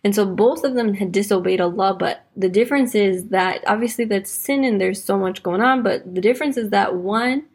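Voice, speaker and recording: A woman hosting a podcast, talking casually about faith and her own story with lots of "like" fillers, slowing down on key points. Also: mid-range voice, husky. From United States, raised in Wisconsin. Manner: chatty, fills speech with "like", slows to stress points. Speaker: podcast host.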